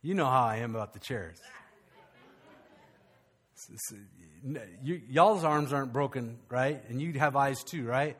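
A male pastor, preaching a conversational, animated sermon with frequent restarts. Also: mid-range voice, unhurried, pauses often, a faint crowd.

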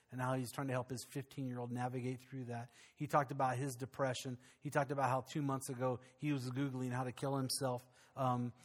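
A man, a pastor, telling a personal story in a lively, conversational way during a sermon. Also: medium pitch.

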